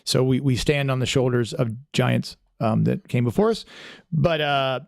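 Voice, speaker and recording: A man hosting a casual podcast with a gravelly voice of ordinary pitch. He talks in a friendly, rambling way, full of fillers and restarts. The recording is dry, with no room sound. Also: normal speed, dry recording. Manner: friendly, chatty. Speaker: podcast host.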